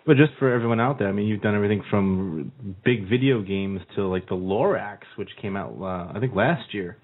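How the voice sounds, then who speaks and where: A male radio host leads a casual chat, eager and quick to laugh, with crude jokes mixed in. His voice is slightly husky. The sound is thin and tinny, like a phone line. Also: on the low side. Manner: enthusiastic, laughs often, crude humor.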